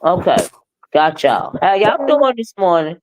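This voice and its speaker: A woman's voice: fairly low pitch, big pitch swings, unhurried, crowd noise. A woman hosting a casual livestream, scolding and sassy, with repeated "okay?" and "child.". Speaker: livestream host.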